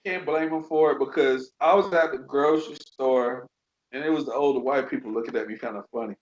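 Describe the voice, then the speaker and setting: A man's voice: mid-range voice, fairly quick. A man chatting casually on a podcast, laughing often and swearing freely. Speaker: podcast guest. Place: his home in Dallas. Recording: echoey room.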